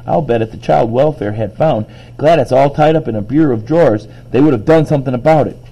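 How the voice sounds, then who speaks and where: A man's voice: mid-range voice, fast, husky, lo-fi sound. Man doing a bossy, indignant tough little girl. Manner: loud and indignant.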